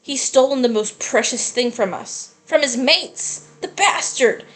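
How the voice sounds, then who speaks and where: A woman with a medium-pitched, natural voice reads lines from a video game at a moderate pace. The character is an angry, vengeful male gang member, and she delivers his heated curses in a plain, straightforward read.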